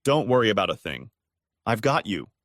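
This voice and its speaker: A man's voice: fairly low pitch, very animated, normal speed, fairly bright tone, no room sound, clean studio sound. A man voicing a genial old-west cowboy ghost judge with a folksy, courteous Texas drawl. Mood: reminiscing.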